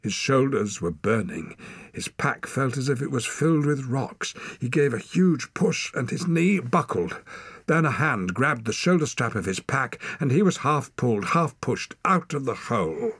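A man narrating an audiobook in an expressive storytelling manner. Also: mid-range voice, unhurried, breathy edge, no room sound.

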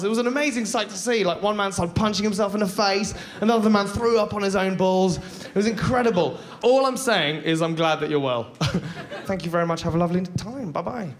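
Stand-up comic with a high voice. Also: male voice, fast talker. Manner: animated, jumps into high mock voices for bits. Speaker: stand-up comedian. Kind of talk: stand-up comedy set. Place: live comedy stage before an audience.

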